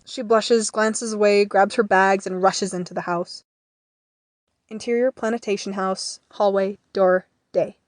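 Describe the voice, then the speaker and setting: Brief: woman reading stage directions, mid-pitched, dry and close. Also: steady tone, dry recording. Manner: measured, matter-of-fact. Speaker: narrator. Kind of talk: reading scene directions in an audio drama.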